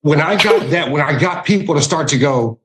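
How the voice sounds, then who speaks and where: A man with a Southern US accent telling lively stories about hosting guests, often acting out what people said. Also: on the high side, moderate pace, poor audio. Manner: animated, acts out voices in his stories. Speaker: guest, winery hospitality director. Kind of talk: storytelling in casual podcast chat.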